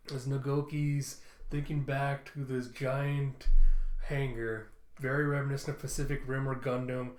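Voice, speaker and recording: A man reviewing a comic book, narrating its panels in a casual, paraphrasing way. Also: mid-range voice. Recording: roomy echo.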